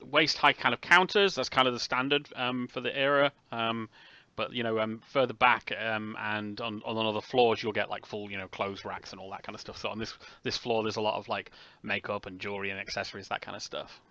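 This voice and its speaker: A man running a tabletop horror game as game master, describing scenes hesitantly with many pauses and restarts. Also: on the low side, fairly even intonation, sharp tone, no room sound, lo-fi sound.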